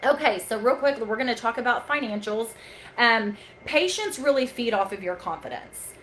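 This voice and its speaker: A woman calmly telling a staff-training story from a chiropractic front desk, patient and talkative. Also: a little high, moderate pace, a little hiss or hum, poor audio. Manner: calm, patient, storytelling with quoted dialogue. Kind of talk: casual staff training talk.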